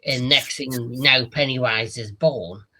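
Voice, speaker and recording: A man with a bright, forceful tone talks through a series review in a loose, casual way. He rushes eagerly through the plot, tripping over his words and dropping in the odd swear word. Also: mid-range voice. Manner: retells scenes eagerly, with false starts and casual swearing. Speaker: TV review show host.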